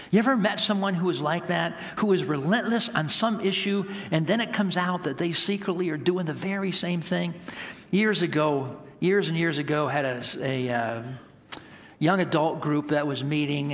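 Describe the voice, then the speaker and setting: A man's voice: on the high side, long reverb tail. A man preaching a sermon as pastor, telling stories in an earnest, emphatic way.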